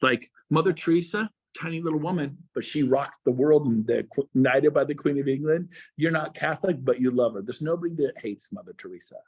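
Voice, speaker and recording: A man's voice: on the high side, brisk, hardly any pauses, darkish tone, husky. A man, a real estate coach, giving an emphatic motivational speech to agents and firing rhetorical questions at them. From Texas.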